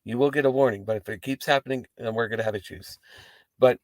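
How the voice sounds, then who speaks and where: Guy rambling and swearing about wrestling from his car, mid pitch, dry close sound. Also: fast, dry recording. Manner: rambling, profane, animated asides. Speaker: wrestling show host. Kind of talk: casual talk to camera. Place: inside a parked car.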